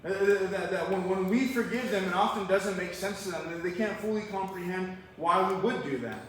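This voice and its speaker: High-voiced pastor in an echoey hall. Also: male voice, brisk, fairly bright tone, a little hiss or hum. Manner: conversational, asks the congregation rhetorical questions. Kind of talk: verse-by-verse sermon. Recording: echoey hall, mic far off.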